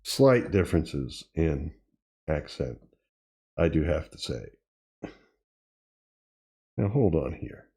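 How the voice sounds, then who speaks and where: A man hosting a tutorial, casually demonstrating gear and thinking aloud with pauses and self-corrections. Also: extremely low pitch, big pitch swings, warm tone, slightly rough. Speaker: tutorial host. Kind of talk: casual demo while playing. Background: drum machine sounds he is playing.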